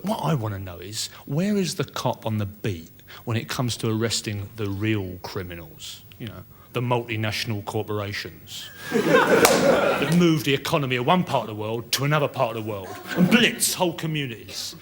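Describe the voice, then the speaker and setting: A man's voice: fairly low pitch, very animated, normal speed. A man performing a sardonic, rambling stand-up comedy routine, in a noisy old recording. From Britain. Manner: sardonic, rambling, chatty asides.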